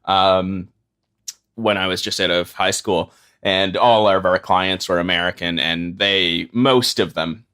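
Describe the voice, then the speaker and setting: A man's voice: low voice, fairly even intonation, pushed and bright, clear, resonant tone. A man with a Canadian accent co-hosting a casual podcast, joking about himself and restarting his sentences. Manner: self-deprecating, halting restarts. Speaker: podcast co-host.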